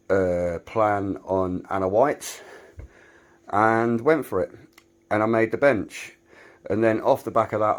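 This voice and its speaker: Brief: British man, low-ish voice, wry and chatty, vlog tour of a cramped garage workshop. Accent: British English. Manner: chatty, self-mocking, wry humor. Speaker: woodworking maker giving a shop tour. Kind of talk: casual vlog walkthrough.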